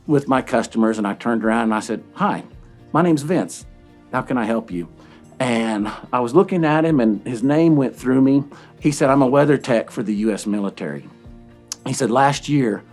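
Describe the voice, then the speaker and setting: A middle-aged man, a company founder telling a personal story, earnest and emotional, halting with fillers. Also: mid-range voice, a little mellow.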